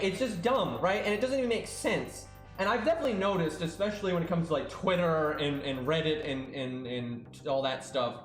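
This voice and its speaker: A man streaming live, ranting in a casual, exasperated way and swearing freely. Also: on the high side. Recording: roomy sound with faint music.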